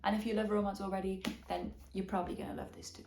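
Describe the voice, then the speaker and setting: A young book vlogger from Wales, whose Welsh accent carries a slight English Midlands twang, reviews books casually, frankly and enthusiastically. Her mid-range voice is gravelly and level in tone, delivered at a quick pace. The room is echoey, with soft background music.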